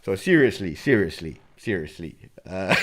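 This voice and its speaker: Man hosting a lively football chat. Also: medium pitch. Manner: chatty, joking, self-interrupting, addresses viewers as friends. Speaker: football channel host. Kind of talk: live Q&A chat.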